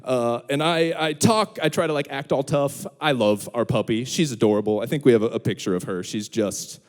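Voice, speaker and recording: A man's voice: medium pitch, a little fast. A young man giving a humorous sermon as student pastor, telling stories and acting out voices. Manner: animated storyteller, acts out voices. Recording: long hall reverb.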